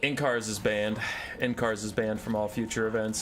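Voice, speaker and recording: A man's voice: fairly low pitch, fairly even intonation, normal speed. A young man giving live commentary on his own strategy game match, issuing orders to his units with sarcastic, joking asides.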